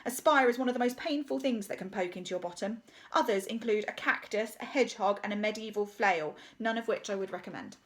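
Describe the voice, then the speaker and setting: A woman's voice: mid-range voice, brisk, a little hiss or hum. Woman, storybook reader, playful, sound effects and asides. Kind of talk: children's story reading.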